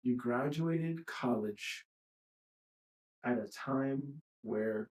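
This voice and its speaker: A man's voice: medium pitch, warm tone. Profane, emotional man in his thirties. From New York. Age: 30s. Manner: raw, profane, emotionally charged, repeats phrases. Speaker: EFT tapping coach. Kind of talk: emotional personal monologue.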